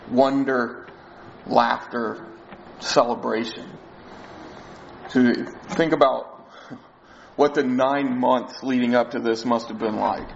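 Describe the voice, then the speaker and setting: A man's voice: mid-range voice, lo-fi sound, slight background noise. Conversational male preacher explaining scripture. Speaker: pastor. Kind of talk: sermon.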